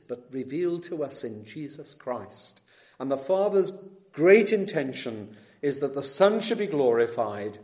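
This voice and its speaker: Dramatic male preacher, slow stressed words. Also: mid-range voice. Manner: dramatic, swings between soft and loud emphasis; slows down to stress key words. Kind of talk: expository sermon.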